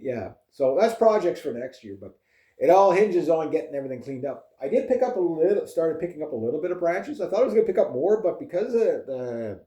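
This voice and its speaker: Chatty man with a mellow, roomy voice. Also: fairly high pitch, very animated, fairly quick. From Canada. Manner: chatty, laughs often, many fillers like "you know". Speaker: vlogger. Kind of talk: casual rambling storytelling.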